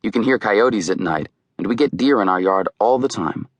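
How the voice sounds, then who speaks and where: A man's voice: fairly low pitch, expressive, moderate pace, no echo. A man narrating an audiobook in a wry, conversational storytelling way. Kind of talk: scripted narration.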